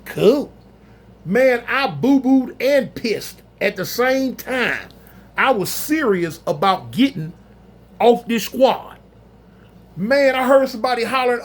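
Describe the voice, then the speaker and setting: A man telling a story in a casual, animated, slangy way, acting out other people's voices. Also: high-pitched, moderate pace. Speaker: storyteller recounting prison life.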